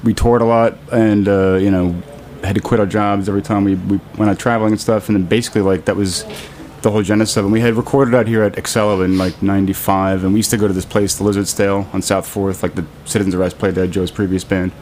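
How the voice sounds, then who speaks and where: A man answering as a podcast guest, relaxed and rambling, saying "you know" often. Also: on the low side, fast talker. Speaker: guest, cinema co-founder. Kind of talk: casual interview answers.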